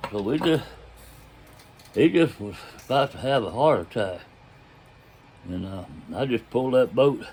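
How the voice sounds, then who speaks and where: A man's voice: mid-range voice, slight background noise. An older man telling a story about his own past in a casual, folksy way. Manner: folksy drawl, loose grammar, chuckles as he tells it.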